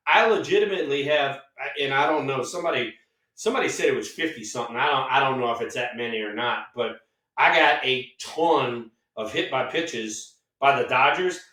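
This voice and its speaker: A medium-pitched older man co-hosts a casual podcast, telling stories packed with swearing and acted-out dialogue. He is a former baseball player with an animated storytelling style. He's far from the mic in an echoey room.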